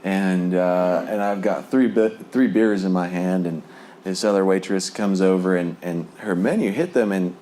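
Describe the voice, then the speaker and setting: Sharing his recovery testimony, a New Jersey man rambles through his personal story with many fillers and regular chuckles. He speaks in a low, mellow voice at a moderate pace, with a little background noise.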